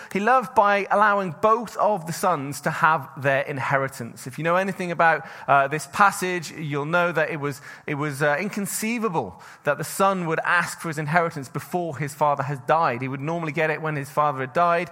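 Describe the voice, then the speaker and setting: A man with a fairly high, bright, ringing voice delivers a sermon in an earnest, conversational manner, often restarting his sentences. His words carry a long reverb, as though spoken in a large hall. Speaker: preacher. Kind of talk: scripture reading and sermon.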